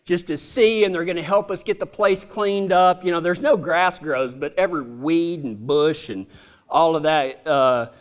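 A man's voice: fairly high pitch, moderate pace. A man telling a humorous personal story in a folksy, drawling way. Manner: folksy, drawling, self-amused.

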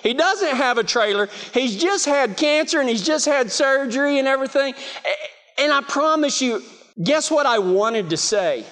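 High-voiced West Texas preacher. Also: male voice, expressive, normal speed, a bit bright. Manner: chatty, self-mocking, lots of "you know". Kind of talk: storytelling sermon. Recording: long reverb of a big hall.

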